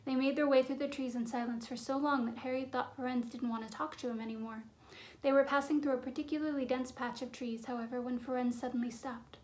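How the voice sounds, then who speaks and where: A woman narrating a fantasy novel as an audiobook, in a measured, suspenseful storytelling manner. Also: high voice, steady tone. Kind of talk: storybook reading.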